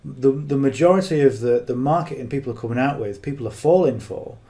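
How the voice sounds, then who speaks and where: A man talks through marketing advice off the cuff, blunt and earnest. His voice is mellow and rather dark, at an ordinary pitch. He keeps tagging his points with "okay?". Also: a little fast. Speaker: affiliate marketing coach. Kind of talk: casual unscripted coaching talk.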